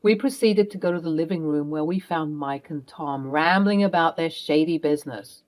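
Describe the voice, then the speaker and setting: A woman's voice: low-pitched, moderate pace, a little mellow. Young woman narrating a story. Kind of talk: scripted first-person narration.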